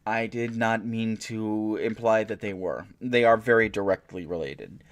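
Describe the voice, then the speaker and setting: Fairly low in pitch, this man runs his own stream, working through news articles out loud. He breaks off now and then for sarcastic, deadpan remarks, speaking slowly and haltingly.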